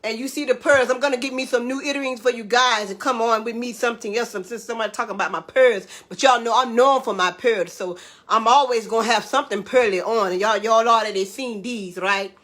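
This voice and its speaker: A woman's voice: on the high side, a little fast, a bit bright. A woman in a casual cooking vlog, talking to her viewers in a chatty, playful way, calling them babies and honey. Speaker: cooking show host.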